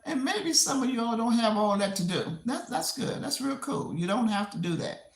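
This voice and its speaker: A woman hosting a casual livestream from home while she clears her desk. She rambles and repeats herself, laughing often. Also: mid-range voice, big pitch swings, normal speed. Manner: rambling and repetitive, with frequent laughs. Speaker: livestream host. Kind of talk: casual live-stream chat. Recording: roomy echo.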